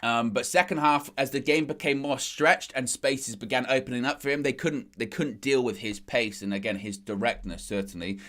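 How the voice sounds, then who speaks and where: A man's voice: medium pitch, normal speed, hardly any pauses, pushed and bright. A man hosting a football fan show, chatting casually after a match and building up emphasis on his key points. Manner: reads out quotes then comments. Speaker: football fan-channel host.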